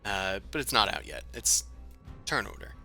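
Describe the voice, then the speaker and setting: A man's voice: fairly low pitch, normal speed, vocal fry, soft background music. A man running a tabletop game as game master, narrating with lots of fillers. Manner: relaxed narration with frequent fillers.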